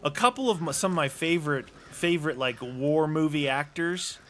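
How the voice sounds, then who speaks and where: A man's voice: fairly high pitch, normal speed, a bit bright, slight background noise. An American man chatting casually as co-host in an easygoing, rambling way. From United States. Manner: easygoing, rambling, chuckles often. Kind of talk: casual chat.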